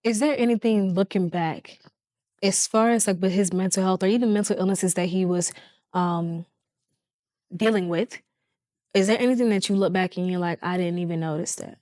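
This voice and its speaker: A woman hosts an interview, affirming and conversational in tone. Her pitch sits in the middle range. The recording is dry and close. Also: steady tone, moderate pace, warm tone, dry recording. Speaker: interview host.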